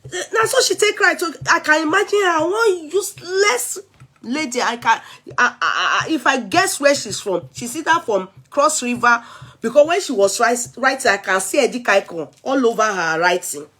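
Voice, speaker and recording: A Nigerian woman with a somewhat high-pitched voice talks straight to her viewers in a loose, animated rant. She mixes English, Yoruba and pidgin as it flows. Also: normal speed. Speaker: vlogger. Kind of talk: casual chatty rant.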